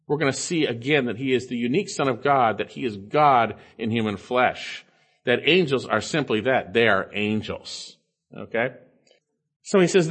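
Animated man preaching a sermon. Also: on the high side. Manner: emphatic, repeats key phrases for stress. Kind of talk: expository sermon.

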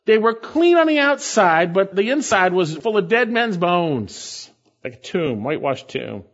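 A male pastor delivers an expository sermon in a high voice that swings widely in pitch. He stresses key phrases by repeating them. The recording sounds muffled and lo-fi. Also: very animated, a little slow.

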